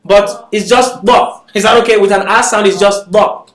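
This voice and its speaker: A man's voice: high-pitched, fairly even intonation, normal speed, a bit bright. Patient male teacher in an echoey classroom. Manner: patient, often asks "is that okay?". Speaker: Arabic teacher. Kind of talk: classroom lecture.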